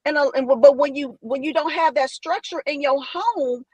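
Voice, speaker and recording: A middle-aged woman with a high voice, earnest and measured, often pausing on "you know". Her sound is dry and close. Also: no room sound, muffled recording. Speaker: guest, former cosmetologist. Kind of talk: casual discussion.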